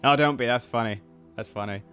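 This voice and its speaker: A man in his twenties talks a little fast in a medium-pitched, fairly bright voice over soft background music. As a YouTuber and voice actor with a part-British, part-American accent, he rambles casually through viewer comments, reading them aloud and restarting sentences as he reacts.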